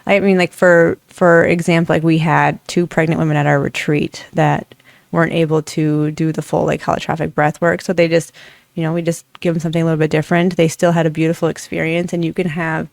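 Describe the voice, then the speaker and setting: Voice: medium pitch, level tone, a little fast, creaky, dry recording. A breathwork facilitator in their thirties telling a personal story casually, rambling with many "like" fillers.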